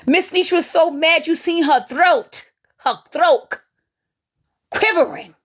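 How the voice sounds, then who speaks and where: A woman's voice: extremely high pitch, slow. A woman hosting a live stream, giving gleeful gossip commentary on other streamers. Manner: animated, gleeful, drawling Southern Black vernacular phrasing.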